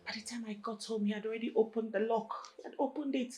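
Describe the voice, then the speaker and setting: An actress playing a frightened Nigerian wife. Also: female voice, fairly high pitch, steady tone, fast, close to an everyday voice. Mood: distraught. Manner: anxious, pleading, distraught. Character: frightened, guilt-ridden young wife. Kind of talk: Nollywood screen acting. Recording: film soundtrack with loud music.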